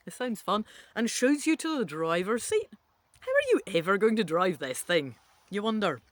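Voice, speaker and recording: A woman reads a choose-your-own-adventure story aloud at an unhurried pace, her pitch swooping widely. She breaks off for playful, chatty asides. The sound is dry and close. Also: no echo. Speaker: reader of an interactive adventure book. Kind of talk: reading a gamebook aloud with asides.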